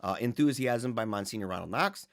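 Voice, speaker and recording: A man hosting a casual livestream, talking loosely with frequent restarts and chuckles, swinging from loud and lively to quiet. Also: mid-range voice, brisk. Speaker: host.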